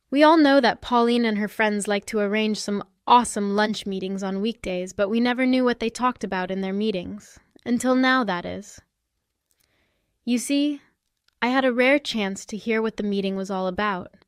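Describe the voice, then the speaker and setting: Sassy young woman telling her story, smooth clean voice, totally dry sound. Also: medium pitch, no echo. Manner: sassy, confrontational. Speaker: narrator. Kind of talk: scripted first-person story narration.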